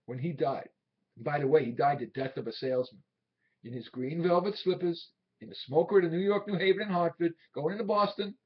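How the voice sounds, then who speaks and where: A husky, worn-out aging salesman in a film drama, proud and desperate. His voice sits a little high and slightly breathy. The sound is dull, like an old film soundtrack. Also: a little fast. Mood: wistful. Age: 60s. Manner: pleading, swinging between quiet reminiscing and shouting.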